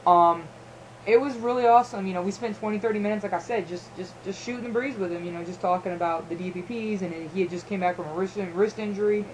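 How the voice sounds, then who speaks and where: A young woman co-hosting a podcast, telling an excited story in casual chat with lots of fillers. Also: medium pitch, quick pace, slight background noise, rough recording. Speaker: podcast co-host.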